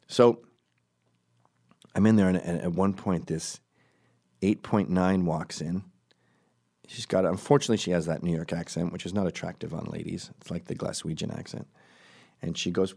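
A man's voice: sits low, fairly even intonation, normal speed, gravelly, pauses often, warm tone, breathy edge. A middle-aged man telling a story in a casual, riffing way, often jumping into quoted voices.

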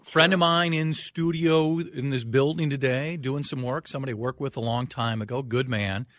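A middle-aged man hosts a radio talk show in a relaxed, self-deprecating way, leaning on open questions. His voice sits in an ordinary male pitch and comes across dry and close, with no room echo. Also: moderate pace. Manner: easygoing, self-mocking, asks open questions. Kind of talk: casual radio chat. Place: radio studio.

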